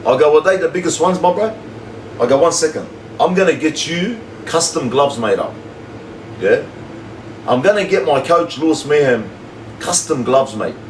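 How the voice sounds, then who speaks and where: A man's voice: fairly high pitch, moderate pace, pauses often. A man, telling a story to his livestream viewers in casual, slangy chat. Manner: animated, repetitive slangy storyteller. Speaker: livestream host. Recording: echoey room, slightly distant mic, faint hum.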